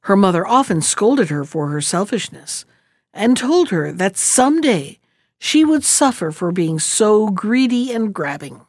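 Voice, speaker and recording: A woman narrating a children's storybook in a measured, expressive reading. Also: mid-range voice, no room sound, clean studio sound.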